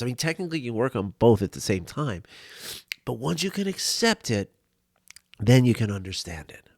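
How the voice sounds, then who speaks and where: Middle-aged male coach, tearful and heartfelt, plain pitch, dry close-miked vlog. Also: very animated, moderate pace, dry recording. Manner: emotional, open, thanking his community. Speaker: life coach. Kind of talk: personal video talk to viewers.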